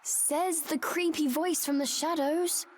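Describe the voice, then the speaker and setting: A woman's voice: sits high, fairly even intonation, takes it slowly, slight background noise. An actress voicing a young girl witch in a video game cutscene, earnest and a bit timid, yet skeptical. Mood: wary.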